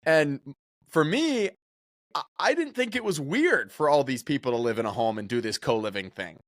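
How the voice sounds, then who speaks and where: A man in his thirties, a podcast guest chatting casually and telling animated stories. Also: a little high, moderate pace, no room sound, studio quality. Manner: animated storyteller, often slips into voices when quoting people. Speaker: podcast guest, real estate investor. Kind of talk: casual interview chat.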